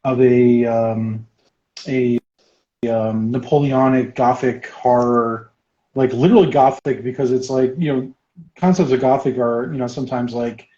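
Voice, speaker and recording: Male guest, lively storyteller who laughs a lot, roomy and muffled audio. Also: medium pitch, a little slow. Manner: animated storyteller, laughs often; painting while talking. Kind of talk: casual chat, storytelling. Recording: roomy, dull sound.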